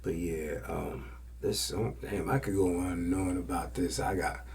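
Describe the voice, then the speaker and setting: Brief: low-voiced male podcast host with a gravelly rasp, spinning slangy stories and often dropping to a whisper. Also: fairly even intonation, unhurried, slight background noise. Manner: loose slang-heavy storytelling that often drops to a hushed whisper. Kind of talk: casual storytelling.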